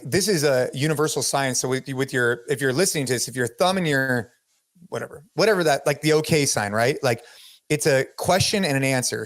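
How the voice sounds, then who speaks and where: A middle-aged man hosting a podcast, telling a story in a casual, animated way, with lots of "dude" and "like". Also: mid-range voice, dry recording. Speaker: podcast host.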